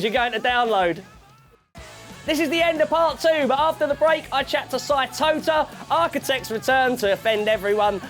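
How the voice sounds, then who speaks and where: A man presenting a music TV show with jokey asides and a chatty interview manner. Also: very high voice. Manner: jokey asides, lively reading, chatty fillers.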